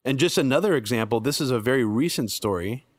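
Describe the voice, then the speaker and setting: A man hosting a podcast, talking bluntly and swearing freely in casual chat. His voice is mid-pitched for a man and recorded dry and close. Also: lively intonation, fast talker, dry recording. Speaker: podcast host.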